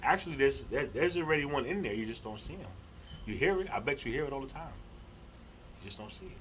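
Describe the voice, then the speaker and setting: A middle-aged man talks to camera about spirituality in a loose, rambling way, tripping over repeated words and swearing freely. He sounds earnest, with soft laughs between thoughts, and his voice sits at an ordinary middle pitch. A faint hiss of background noise runs under the recording. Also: lively intonation, fast, poor audio. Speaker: spiritual vlogger. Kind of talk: casual spiritual monologue to camera.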